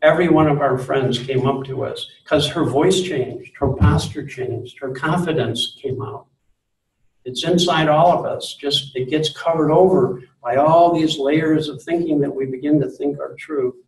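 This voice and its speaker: A man giving a live spiritual talk to an audience, earnest and gently insistent, repeating phrases for emphasis. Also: a little high. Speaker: speaker on spirituality. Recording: roomy, distant mic.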